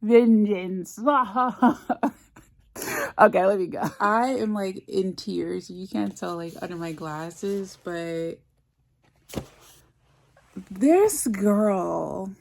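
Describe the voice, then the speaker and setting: A woman's voice: medium pitch, drawn-out words, creaky, pauses often, a little mellow. A woman chatting casually in a book vlog, effusive and gushing, full of "like" fillers. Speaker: book vlogger. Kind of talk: casual reading vlog chat.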